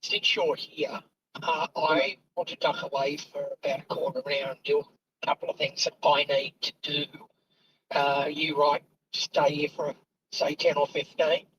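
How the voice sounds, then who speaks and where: A man's voice: a little high, moderate pace, distant mic, background noise. Laid-back man heard from afar. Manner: relaxed, uses radio talk like "copy that". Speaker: co-host. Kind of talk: casual chat while driving live stream. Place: inside a car. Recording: voice heard away from the mic.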